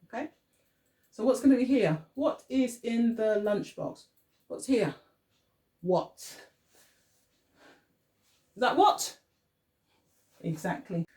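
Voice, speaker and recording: A woman's voice: on the high side, lively intonation, slow, long pauses, darkish tone, husky. A woman teaching a phonics lesson to young children from home, in an exaggerated sing-song way, playfully pretending to make mistakes. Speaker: early years teacher.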